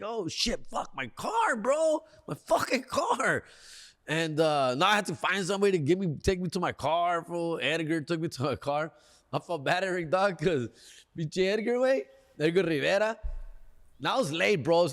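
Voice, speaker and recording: A man's voice: on the high side, in a large hall. Slangy Los Angeles man telling a story. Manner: slangy, animated, peppers lines with "fool" and "dog". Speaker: comedian and podcast host. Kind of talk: casual storytelling.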